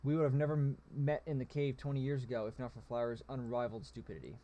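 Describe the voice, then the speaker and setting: A man's voice: medium pitch, fairly even intonation, fast, warm tone, muffled recording, lightly acted. Figure: sarcastic woman mage, read by a man. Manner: cutting. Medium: read-aloud fantasy game.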